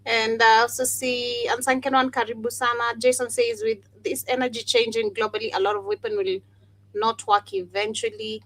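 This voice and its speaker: A woman's voice: on the high side, expressive, normal speed, creaky, a bit bright. A woman from Kenya, co-hosting a casual talk show and reading viewer comments aloud. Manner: reads chat comments aloud, laughs often. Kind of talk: casual podcast banter.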